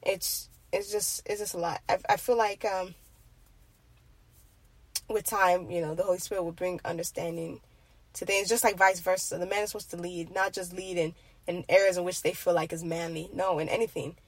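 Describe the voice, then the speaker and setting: A woman's voice: lowish voice, fairly even intonation, normal speed, no room sound. Earnest young woman on faith. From Nigeria. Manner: earnest, rambling with restarts. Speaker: faith vlogger. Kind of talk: casual faith monologue.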